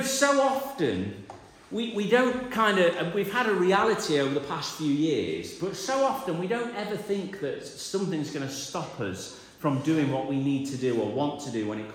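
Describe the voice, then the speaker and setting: A man, preaching a lively sermon and acting out the voices in the story. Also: high voice. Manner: animated, acts out voices, builds repetition. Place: church. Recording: echoey church hall.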